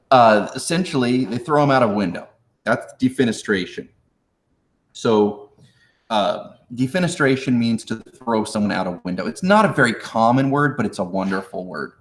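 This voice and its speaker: A man teaching history in a casual live review, joking with viewers in chat and acting out historical figures in slangy voices. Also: mid-range voice. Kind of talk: live-streamed exam review. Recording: echoey room.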